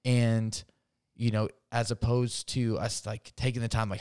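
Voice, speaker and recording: A man's voice: mid-range voice, level tone, unhurried, few pauses, darkish tone, clean tone, dry recording. Man, podcast guest, casual chat, rambling, filler-heavy, dry close sound. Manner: rambling, filler-heavy, laughs while retelling stories.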